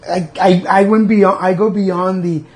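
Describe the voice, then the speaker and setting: A man's voice: high voice, fairly even intonation, moderate pace. A man hosting a podcast, chatting candidly and making fun of himself. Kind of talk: casual chat.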